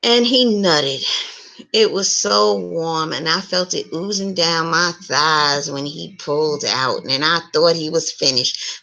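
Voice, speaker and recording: A woman reads an adult story aloud in a frank, unhurried voice. Her tone is gravelly with a crisp, forward edge and sits somewhat low, and she breaks off now and then for blunt asides. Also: sharp tone. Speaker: reader of online stories. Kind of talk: reading an erotic story aloud.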